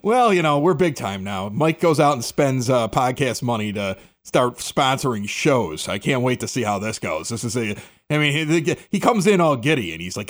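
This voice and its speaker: A man's voice: mid-range voice, sing-song, moderate pace. A man co-hosting a wrestling podcast. He introduces the guest and teases his co-host in a hyped-up, chatty way. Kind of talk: podcast talk with live ad read.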